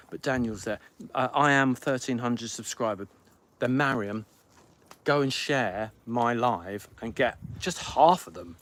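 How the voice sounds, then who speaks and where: A middle-aged man hosting a live podcast stream from home, grumpy and theatrical, rattling on like an auctioneer. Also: medium pitch. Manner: grumpy, theatrical, pleading with viewers; rapid-fire like an auctioneer. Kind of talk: casual live-stream chat.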